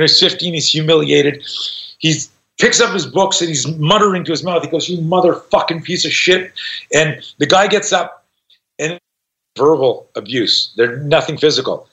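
Brief: man, 60s, self-defense teacher, raised-pitch lively storyteller, cussing, lo-fi dull recording. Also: normal speed. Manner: profane, animated, acts out voices in his stories. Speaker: self-defense instructor, guest. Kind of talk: storytelling in a conversation. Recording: dull lo-fi sound.

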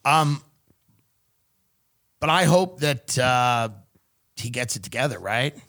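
A man hosting a podcast in loose, joking banter. His voice sits at an everyday middle pitch, and he slips into mocking quoted voices now and then. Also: animated, slow pace, bright, forceful tone. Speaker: podcast host.

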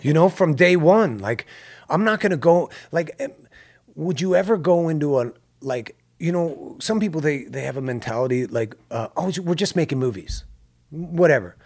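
A man spinning a story in loose podcast talk, his voice rising and falling a lot as he acts out what people said. He swears freely and drops to a low mutter for dramatic beats. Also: normal speed. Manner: animated, swears, acts out quotes. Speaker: guest filmmaker. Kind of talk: casual storytelling.

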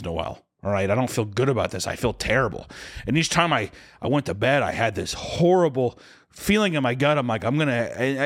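A man's voice: medium pitch, fairly bright tone. A young man co-hosting a podcast, telling a story in a casual, profane, jokey way. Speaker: podcast co-host.

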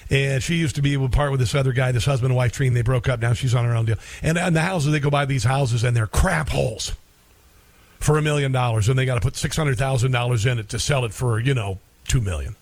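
A man's voice: mid-range voice, fast talker, dry recording. A middle-aged man hosting a talk radio show in a rambling, sarcastic, folksy monologue.

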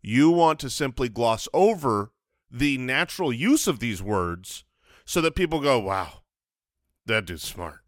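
A man's voice: medium pitch, expressive, unhurried, no echo, studio quality. A middle-aged man co-hosting a comedy podcast, talking casually with a sarcastic, joking delivery. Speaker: podcast co-host.

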